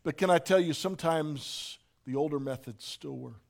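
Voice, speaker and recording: A man preaching a sermon, dropping to a near hush and then rising to shouts. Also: on the high side, moderate pace, vocal fry. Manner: swings from soft hush to shouting. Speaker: pastor.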